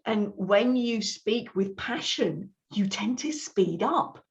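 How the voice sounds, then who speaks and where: Gravelly-voiced woman coach. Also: medium pitch, lively intonation, slow, dull audio. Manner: explanatory, with frequent restarts. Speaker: communication coach, guest. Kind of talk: conversational interview.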